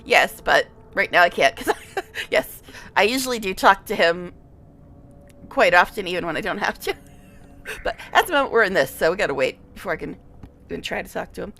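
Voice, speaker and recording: A woman's voice: on the low side, animated, fairly quick, gravelly, pushed and bright. A woman streamer giving casual gameplay commentary, chatty and giggly, with frequent laughs.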